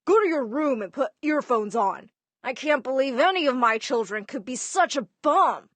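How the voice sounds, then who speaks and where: A woman voicing a strict, grumpy middle-aged father in an animated story, barking orders. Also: a little high, slow pace, dry recording. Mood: scolding.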